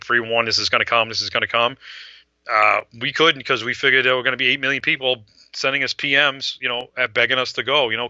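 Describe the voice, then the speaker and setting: A middle-aged man who organizes fan events, telling a rambling, animated story in casual talk and acting out the voices of people he quotes. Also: mid-range voice, no echo, muffled recording.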